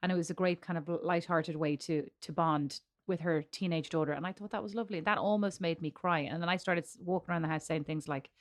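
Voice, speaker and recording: A woman's voice: on the low side, steady tone, quick pace, few pauses. A middle-aged Irish woman co-hosting a podcast in casual chat, telling stories with teasing humor and frequent laughter. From Ireland. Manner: teasing, storytelling, laughs often. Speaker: podcast co-host.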